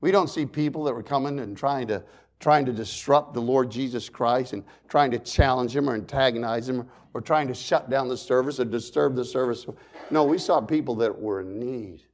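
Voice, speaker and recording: A man pastor preaching a sermon, swinging between loud emphasis and quiet, hushed storytelling. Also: medium pitch, moderate pace.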